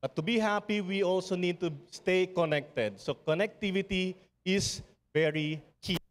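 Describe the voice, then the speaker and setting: High-voiced Filipino man speaking in a hall. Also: moderate pace. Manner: rhetorical questions, repeated phrases, stumbles and restarts. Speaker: speaker at a public forum. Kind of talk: passionate public speech. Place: event venue with an audience. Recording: long reverb of a large hall.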